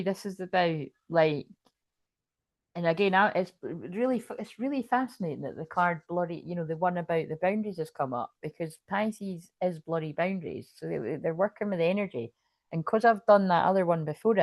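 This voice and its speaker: A woman's voice: fairly low pitch, darkish tone, no echo. A woman reading tarot in casual talk, rambling, swearing and laughing as she tells a story. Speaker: tarot reader.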